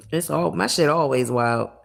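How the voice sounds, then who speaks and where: Low, gravelly, blunt-talking woman. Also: a little slow. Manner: blunt, profane, animated storytelling. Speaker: livestreamer. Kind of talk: casual livestream chat.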